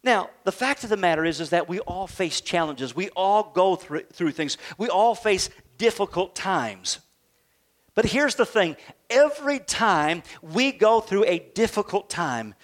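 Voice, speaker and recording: A middle-aged male pastor delivering a sermon in a notably high voice. He preaches emphatically, building to near shouts and then falling soft and slow to make his points. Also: expressive.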